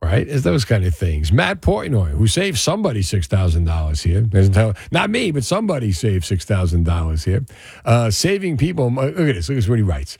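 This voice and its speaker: A man hosting a radio call-in show, chatting in a lively, upbeat way with callers. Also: on the low side, normal speed, vocal fry, breathy edge, dry recording, clean studio sound. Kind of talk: talk radio call-in chat.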